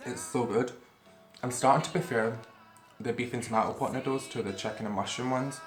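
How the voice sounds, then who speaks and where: A man's voice: mid-range voice, fairly quick, faint music behind. Chatty man in an echoey room. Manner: chatty, rambling, swears freely; talks while eating. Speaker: vlogger. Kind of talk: casual eating-show chat to camera. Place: room at home. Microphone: camera facing him.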